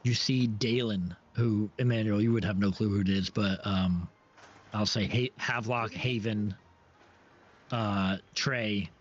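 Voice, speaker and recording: A man's voice: on the low side, fairly even intonation, unhurried. A man narrating as game master for a tabletop game, hesitant with many fillers and restarts. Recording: dull lo-fi stream audio with faint ambience.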